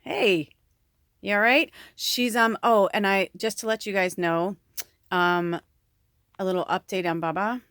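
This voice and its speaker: A woman's voice: medium pitch, unhurried, a bit bright, dry recording, clean studio sound. A woman who works as a spiritual medium, talking to her viewers in a casual, rambling way. She fills her talk with fillers and laughter and swears freely. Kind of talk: casual rambling monologue to camera.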